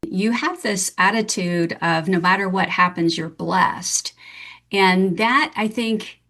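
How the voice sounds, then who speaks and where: A woman's voice: mid-range voice, slow pace, fairly bright tone. A woman hosting an interview podcast, asking questions in a reflective, encouraging way. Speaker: podcast host, medium and intuition teacher. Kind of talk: casual interview.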